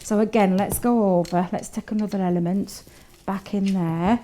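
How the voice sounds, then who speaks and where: A woman chatting warmly and giggling as she demonstrates a craft technique on a live show. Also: mid-range voice, fairly even intonation, normal speed. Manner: chatty, giggly, talks to co-host while working. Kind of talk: live craft shopping demo chat.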